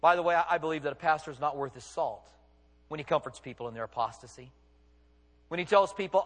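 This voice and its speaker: A man's voice: fairly high pitch, fast talker. A man preaching as a pastor, emphatic, firing off rhetorical questions and acting out what people say. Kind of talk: sermon. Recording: long reverb of a large hall.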